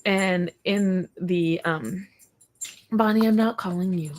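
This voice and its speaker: There's slight background noise as a young woman with a lowish voice livestreams casually from her home, taking things slowly. She rambles to her viewers and stops occasionally to speak to her dog.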